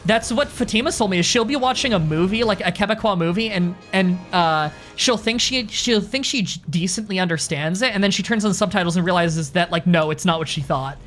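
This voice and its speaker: A woman streamer talking over faint game music as she plays. She is a rambling, foul-mouthed storyteller in a mid-pitched voice, casual and chatty. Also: a little fast, few pauses. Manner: rambling storyteller, swears freely. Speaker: streamer playing a hunting game with friends. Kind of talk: casual chat while gaming.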